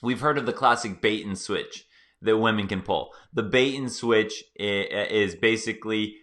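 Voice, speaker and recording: Man, host, playful excited commentary, talks to viewers, bright forceful voice, slightly low pitch. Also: moderate pace. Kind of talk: casual reaction commentary.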